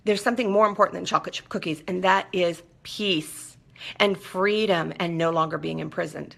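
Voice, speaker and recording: A woman hosting a live show, speaking emphatically in a bright, forward tone. Her voice sits a little low, with plenty of gravelly fry. She keeps checking in with her listeners as she talks. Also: fairly even intonation, normal speed. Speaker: host. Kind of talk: casual live monologue.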